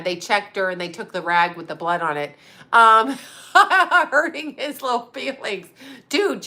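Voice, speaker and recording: A woman's voice: a little high, pushed and bright. A middle-aged woman host in a candid casual chat, frank and bawdy, laughing often as she tells stories. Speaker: psychic medium and channel host.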